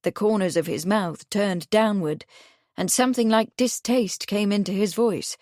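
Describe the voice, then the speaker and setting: A woman narrates a period mystery audiobook, steady and measured. Her pitch is middling for a woman. The booth sound is dry and close, with no room echo. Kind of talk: scripted narration.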